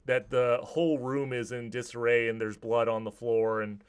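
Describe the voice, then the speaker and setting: A man's voice: mid-range voice, flat delivery, moderate pace, clean tone. A man narrating a tabletop game as game master, describing scenes vividly with some restarts.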